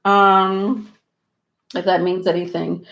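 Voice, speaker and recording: A woman's voice: lowish voice, little pitch movement, slow pace, gravelly, a bit bright. Chatty woman reading tarot, echoey room. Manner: chatty, laughs often, lots of fillers. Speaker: tarot reader. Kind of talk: live-stream tarot reading.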